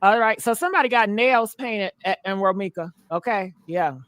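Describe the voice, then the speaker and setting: A woman's voice: mid-range voice, moderate pace, fairly bright tone, no echo. A woman hosting a commentary vlog, chatty and slangy, talking straight to her viewers. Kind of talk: casual commentary.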